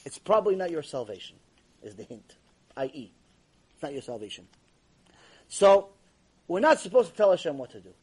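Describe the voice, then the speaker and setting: A man with a high, husky voice gives a Torah lesson to a room of listeners. He tells stories with animation and mixes Hebrew terms into his plain talk. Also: sing-song, normal speed, long pauses, darkish tone. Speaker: rabbi teaching a class. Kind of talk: Torah class lecture. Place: classroom with a live audience.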